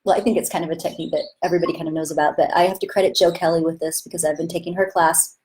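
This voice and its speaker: A woman acting teacher gives an enthusiastic, chatty live-streamed lesson through a webcam or phone mic. Her voice is lowish, steady, and a little mellow, and she races along casually, breaking into sudden bursts when she demonstrates.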